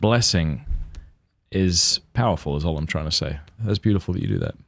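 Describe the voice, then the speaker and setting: A man in his forties hosting a podcast in casual conversation, relaxed and agreeable, thinking aloud. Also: low voice, normal speed. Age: 40s. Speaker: podcast host.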